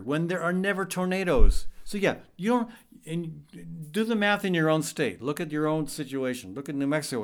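A middle-aged man hosting a talk radio show, speaking with urgency and often stumbling over fillers and restarts. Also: on the high side. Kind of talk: earnest talk-radio commentary.

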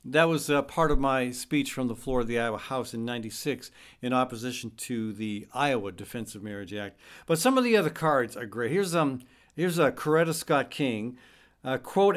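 A man's voice: medium pitch, animated, moderate pace, a bit bright. A middle-aged man hosting a talk radio show, speaking conversationally and reading quotes aloud with wry asides.

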